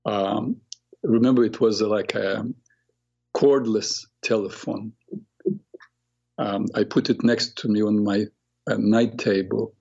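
A man in his sixties hosting a radio show, telling a story at an unhurried, reflective pace with many fillers. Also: on the low side, fairly even intonation, vocal fry, darkish tone, slightly rough, muffled recording. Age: 60s. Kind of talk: storytelling monologue.

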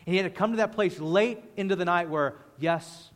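A man's voice: high-pitched, brisk, few pauses, big-room sound. A man preaching a sermon with passion, acting out the voices of people praying. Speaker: pastor.

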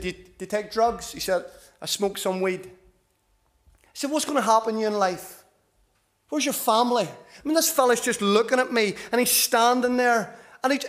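Middle-aged preacher, fairly high pitch, animated storytelling delivery. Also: male voice. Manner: animated, rises in pitch and volume for emphasis. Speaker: visiting preacher. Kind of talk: storytelling sermon.

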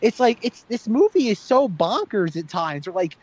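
A man chatting casually about a film, animated and sarcastic, with lots of "like". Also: sits high, normal speed, husky, dull audio. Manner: animated, sarcastic, heavy use of "like". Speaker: podcast co-host. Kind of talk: casual film review chat.

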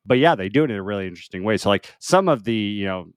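Young man, lowish voice, podcast co-host, easygoing chat, dry close mic. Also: rapid-fire, clean tone, no room sound. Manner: relaxed, laughs along, some fillers. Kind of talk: casual chat.

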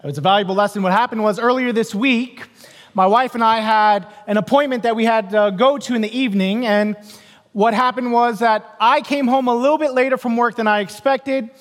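A man's voice: very high voice, steady tone, fairly quick. A middle-aged man preaching a sermon as pastor, telling a family story with quoted voices and dry, self-deprecating humor. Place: church sanctuary. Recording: long church reverb.

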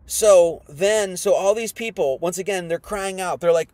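A man's voice: sits high, unhurried, hardly any pauses, a little mellow, dry recording. Combative, folksy preacher man. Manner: rhetorical questions, folksy and combative. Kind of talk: informal sermon.

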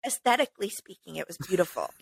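A woman's voice: on the low side, very animated, quick pace, creaky, breathy edge, no echo, studio quality. A woman co-hosting a podcast, telling a story in casual chat and laughing often. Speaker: podcast co-host.

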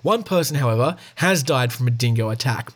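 A man's voice: medium pitch, animated, a little fast. An Australian man hosting a podcast, reading news stories aloud in a casual way and adding chatty asides. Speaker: podcast host.

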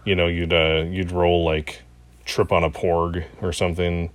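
Low-voiced guy on a podcast, reads listener mail, lots of uhs and restarts, dry close sound. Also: little pitch movement, unhurried, dry recording. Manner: hesitant, many fillers and restarts. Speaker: podcast co-host. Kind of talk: casual chat, reading listener emails.

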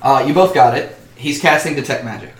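A man's voice: mid-range voice, fairly quick, roomy sound. A man narrating a tabletop role-playing game as game master, casually and with frequent ums.

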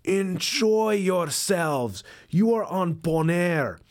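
A man voicing a courteous male local driver with a Caribbean accent, speaking slowly and with emphasis. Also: sits high, lively intonation, pitched above the performer's own voice, exaggerated voice. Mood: emphatic. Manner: slow, emphatic, drawn-out delivery.

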